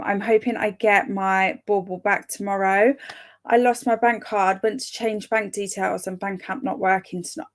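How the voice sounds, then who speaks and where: A chatty woman reads live-chat comments aloud, her voice gravelly and full of fry. She speaks slowly and unhurriedly, but turns excitable now and then, slipping into a laugh or a sudden whisper. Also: medium pitch. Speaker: streamer reading live chat. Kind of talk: casual chat with live viewers.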